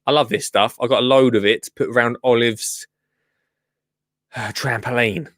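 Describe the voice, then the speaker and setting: A man hosting a casual livestream, chatting and joking as he reacts to a gardening show. He often restarts his sentences and coos at his plants in a high, sing-song voice. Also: steady tone, moderate pace, a little hiss or hum. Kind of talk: casual chat.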